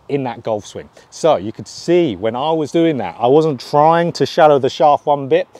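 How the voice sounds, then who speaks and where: A man's voice: medium pitch, darkish tone. Male golf coach, explanatory online lesson delivery. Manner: explanatory, counts points off.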